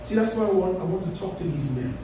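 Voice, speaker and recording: Pastor, male, middle-aged, high voice, fiery sermon with shouted peaks and hushed asides, recorded from a distance in a booming church with hiss. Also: expressive, fast talker. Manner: impassioned preaching, shouting at peaks then dropping to low asides. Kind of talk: Pentecostal sermon. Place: large church sanctuary. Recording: echoey church hall, heard from afar, with noise.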